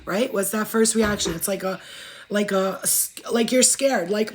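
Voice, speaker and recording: A spiritual reader chats casually with her livestream viewers, talking fast, swearing and speaking emphatically. Her voice is mid-range with a breathy edge.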